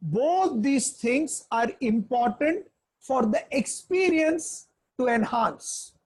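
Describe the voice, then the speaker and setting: A woman gives a spiritual lecture in a high, airy voice. She speaks slowly and earnestly, with measured pacing and repeated phrases, as a Vedanta teacher guiding her class. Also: lively intonation, a little mellow, breathy edge.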